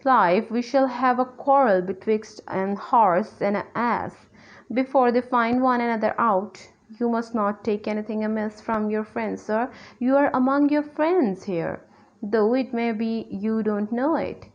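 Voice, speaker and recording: A woman's voice: a little high, unhurried, pitched above the performer's own voice. A woman with a Pakistani English accent reading the part of a worldly lady who chides and soothes the men. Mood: chiding. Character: scolding worldly lady peacemaker. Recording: dull lo-fi recording.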